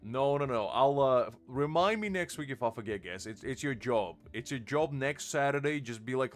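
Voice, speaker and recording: A man's voice: mid-range voice, lively intonation, moderate pace, few pauses, faint music behind. A man chatting casually on a live game stream, rambling and laughing at himself. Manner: rambling, self-mocking, laughs often.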